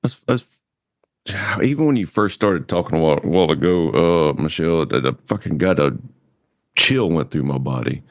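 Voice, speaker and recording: A man's voice: sits low, lively intonation, moderate pace, no echo, clean studio sound. A man hosting a podcast, talking candidly and with some swearing about his own hurt and grief. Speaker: podcast host. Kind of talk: casual podcast conversation.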